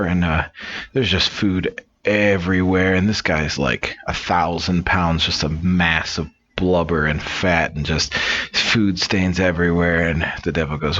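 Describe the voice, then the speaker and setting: Deep-voiced man telling jokes, lo-fi. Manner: relaxed, rambling storytelling with fillers. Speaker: joke teller.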